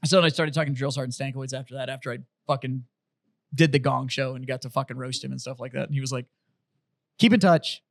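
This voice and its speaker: Profane, animated storytelling podcast host. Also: male voice, medium pitch, very fast, vocal fry, dry recording. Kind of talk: casual chat, storytelling.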